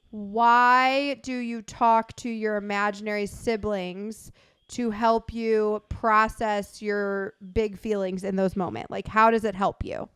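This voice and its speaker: A young woman co-hosting a casual chat, telling stories in an animated way and laughing often. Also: on the high side, clean tone, dry recording. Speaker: podcast co-host.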